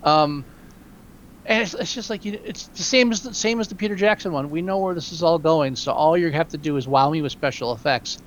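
A man co-hosting a podcast in casual movie chat, wry and opinionated, quick to joke. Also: on the high side, a bit bright, highs cut off, a little hiss or hum. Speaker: podcast co-host.

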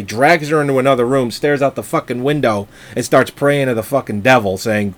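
A man's voice: mid-range voice, moderate pace, hardly any pauses. A man in casual, profane chat, rambling as he retells a film scene by scene.

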